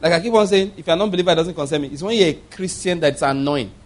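A man's voice: a little high, racing. A middle-aged man preaching a sermon with passion, asking the congregation rhetorical questions and breaking into laughter. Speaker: pastor.

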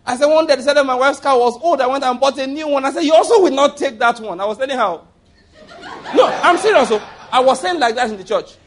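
A man's voice: very high-pitched, fast talker, a bit bright. A Nigerian man preaching a sermon in church, telling stories, repeating phrases for emphasis and leading the congregation in declarations. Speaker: pastor.

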